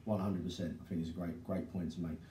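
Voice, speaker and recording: A man's voice: sits low, steady tone, fast talker, warm tone, slight background noise. A man co-hosting a podcast in casual chat, blunt and sweary with brash banter. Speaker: podcast co-host. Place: gym. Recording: echoey room, distant mic.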